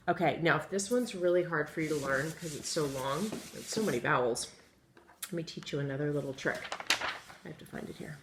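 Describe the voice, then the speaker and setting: A woman teaching a phonics lesson to young children, patient and encouraging, sounding out letters slowly. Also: low-pitched, vocal fry. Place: classroom with chalkboard. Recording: echoey room, faint ambient noise.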